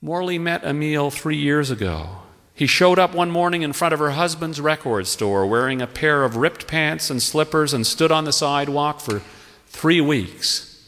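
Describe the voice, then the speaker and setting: On a theatre stage before a live audience, a man tells a humorous story with wry, playful emphasis. His voice is on the high side, animated and a bit bright, at a moderate pace. The live-stage recording carries a long hall reverb.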